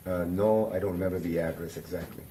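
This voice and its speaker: A man with a very deep voice interpreting in court, moving quickly and briskly between questions and answers. There is a faint hum of noise behind him. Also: fairly even intonation, dark tone. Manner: quick and businesslike, with frequent "uh" fillers.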